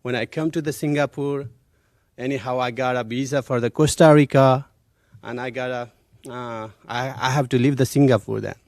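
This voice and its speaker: A man from Nepal speaks with a Nepali accent as he tells a personal story on stage. His phrasing is simple and halting. The sound is dry and close. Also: mid-range voice, fairly even intonation, a little mellow, dry recording. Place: theater stage.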